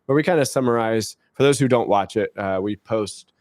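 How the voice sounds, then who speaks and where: A man's voice: lowish voice, moderate pace, a little mellow, dry recording. A man with an American accent hosting a casual school-district podcast in a jokey, upbeat, self-deprecating way, with faint music behind him. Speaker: podcast host, school superintendent.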